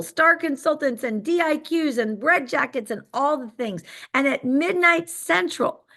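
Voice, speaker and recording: A woman, a sales director telling an excited, emphatic motivational story on a call. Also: high voice.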